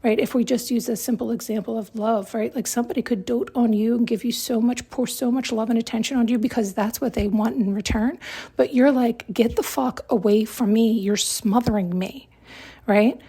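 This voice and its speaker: Breathy woman giving a self-help talk. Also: a little high, steady tone, a little fast, warm tone. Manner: emphatic, repetitive, frequent tag questions. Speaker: podcast host.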